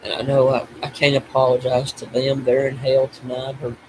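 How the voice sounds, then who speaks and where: An older man talking in a tearful video diary, grief-stricken and blaming himself, speaking haltingly with restarts and breaking off as he cries. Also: mid-range voice, monotone, background noise. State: crying. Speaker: vlogger.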